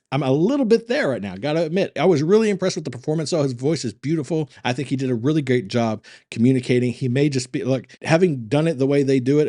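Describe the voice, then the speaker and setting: Mellow-voiced male acting coach. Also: medium pitch, no room sound, studio quality. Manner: thoughtful, repeats and rephrases his points. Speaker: acting coach reacting to a music video. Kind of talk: casual video commentary.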